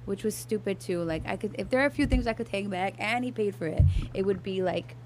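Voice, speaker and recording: A woman's voice: mid-range voice, brisk, a little mellow, a little hiss or hum. A young adult woman telling a personal story in casual podcast chat, candid and swearing freely, with lots of fillers and restarts. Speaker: podcast guest.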